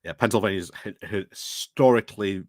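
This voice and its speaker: A man's voice: fairly low pitch, a little fast, no echo. A man co-hosting a news talk stream over a video call, speaking earnestly and hesitantly with many restarts. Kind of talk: casual live-stream chat.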